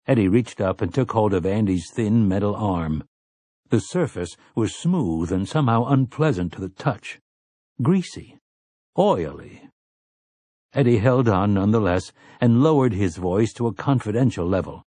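A man narrating an audiobook in a measured, even storytelling manner. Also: lowish voice, husky, dry recording.

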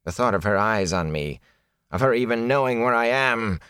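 A man voicing a ragged, frightened male peddler who talks in a raspy, hoarse, whining way. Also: medium pitch, animated, moderate pace, fairly bright tone, no echo, studio quality, voice pushed up, close to an everyday voice. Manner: whining, fearful, rambling.

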